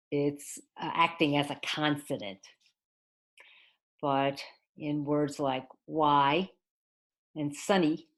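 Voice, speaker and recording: Woman, English teacher, low-pitched, very slow, patient, halting explanations, online lesson. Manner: slow, patient explaining with many fillers and pauses; mixes in Mandarin glosses for the class. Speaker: ESL teacher. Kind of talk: online class lecture.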